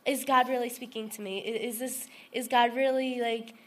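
Bright, high-voiced woman rambling earnestly. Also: flat delivery, moderate pace. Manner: rambling, full of "like" and restarts; earnest and emotional. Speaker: testimony speaker. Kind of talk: personal testimony at a group sharing.

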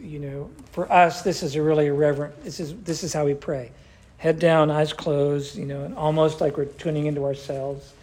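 A man's voice: a little high, darkish tone. An older man, a pastor, teaching a church class in a conversational way and asking the group questions.

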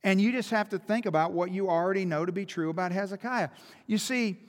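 A man's voice: sits high, a little fast. A man preaching a sermon in a church, emphatic and full of rhetorical questions. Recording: long hall reverb.

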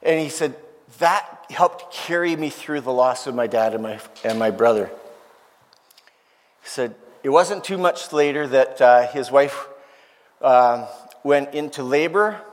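A man's voice: mid-range voice, measured pace. A man telling an emotional story in a sermon, earnest and heartfelt, acting out the voices of the people he quotes. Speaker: preacher. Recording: long hall reverb.

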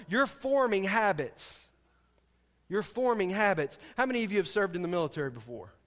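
A man's voice: high voice, fairly bright tone. A middle-aged man preaching a sermon as pastor, telling stories, asking the congregation questions and adding joking asides. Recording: long hall reverb.

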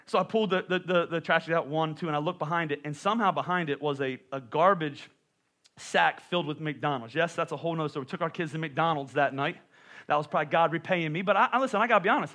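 A man's voice: a little high, fast talker, sharp tone. A man in his thirties preaching a sermon, telling a comic story with playful self-mocking asides. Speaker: pastor.

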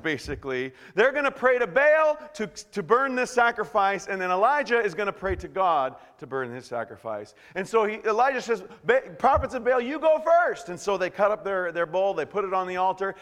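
A man preaching a sermon in an animated way, swinging from hushed to loud. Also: sits high, long reverb tail. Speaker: pastor.

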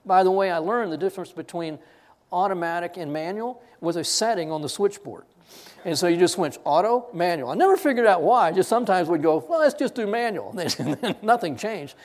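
Animated man telling a sermon story. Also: high voice, fairly quick. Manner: animated, self-deprecating anecdote with many restarts. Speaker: pastor.

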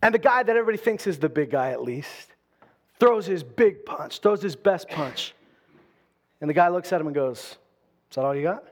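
A man preaching a sermon, moving between loud, driving bursts and quiet, low-spoken stretches. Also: animated, moderate pace. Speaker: pastor.

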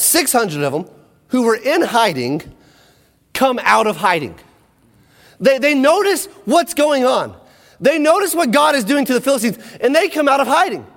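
A man's voice: very high voice, long reverb tail. A man preaching a sermon, retelling a Bible story with energy, acting out the quotes and checking in with his listeners. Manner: energetic storytelling, acts out quotes, asks the audience.

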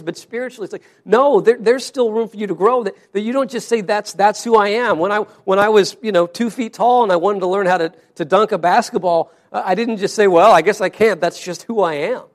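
A man with a high voice preaches a sermon to his congregation. He speaks earnestly, often doubling and restarting his words as he works through his points. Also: quick pace, few pauses. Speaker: pastor.

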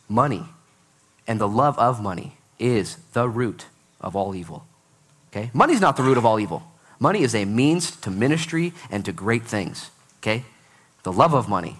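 A man in his thirties preaching a sermon in a church, telling stories with jokes at his own expense. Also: mid-range voice. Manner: animated storytelling with self-deprecating jokes. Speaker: pastor. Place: church sanctuary.

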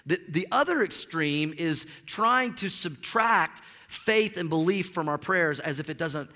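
A man preaching a sermon as pastor, animated and emphatic, with frequent stammered restarts. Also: fairly high pitch, a little slow. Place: church sanctuary. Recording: long reverb of a large hall.

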